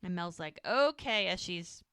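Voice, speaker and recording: A woman's voice: mid-range voice, moderate pace, fairly bright tone, clear, resonant tone, no echo. A woman co-hosting a rewatch podcast, eagerly retelling scenes and acting out the characters' lines in casual chat. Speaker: podcast co-host recapping a show.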